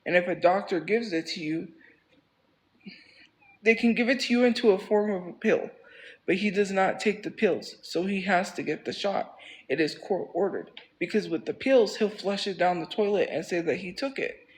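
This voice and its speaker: A man with a notably high-pitched voice, talking casually on a livestream. He rambles and circles back, repeating phrases for emphasis. His tone stays heated and defensive. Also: moderate pace, rough recording.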